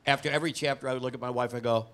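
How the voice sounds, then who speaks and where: Man, onstage interviewer and co-writer, halting delivery, full of ums and restarts. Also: medium pitch, steady tone, a bit bright. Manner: hesitant, many fillers and restarts.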